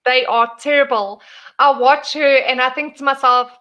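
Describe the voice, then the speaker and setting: A woman's voice: high-pitched, fairly even intonation, normal speed, muffled recording. A woman hosting a casual livestream chat, giggly and teasing. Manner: giggly, teasing, laughs often. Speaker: streamer host.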